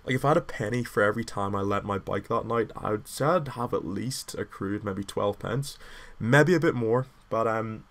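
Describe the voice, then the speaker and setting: A man's voice: fairly low pitch, normal speed, fairly bright tone. Rambling young man. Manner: rambling and self-deprecating, many filler "like"s. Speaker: storyteller. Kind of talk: casual anecdotal storytelling.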